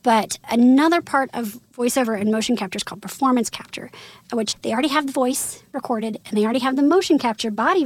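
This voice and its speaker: A woman from Missouri in her thirties, a voice actress chatting in an interview, animated and quick with asides and laughter. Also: fairly high pitch, dry recording. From Missouri, USA. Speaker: voice actress guest. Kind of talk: casual interview chat.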